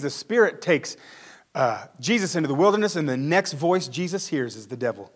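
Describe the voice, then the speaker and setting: A man's voice: a little high, animated, a little fast. Conversational male pastor preaching. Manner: conversational, acts out quotes. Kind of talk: sermon.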